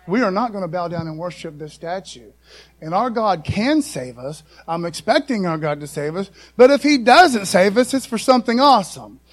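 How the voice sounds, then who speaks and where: High-voiced casual preacher man. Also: lively intonation, fairly quick. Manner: casual, folksy preaching with many asides. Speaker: pastor. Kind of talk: sermon.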